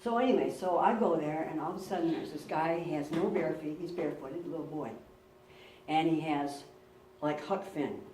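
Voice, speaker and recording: Warm and low-pitched, a woman pastor moves at a moderate pace through her sermon, telling personal stories earnestly and leaning on repeated words for emphasis. She was recorded at a distance in a roomy church, with a little hiss or hum.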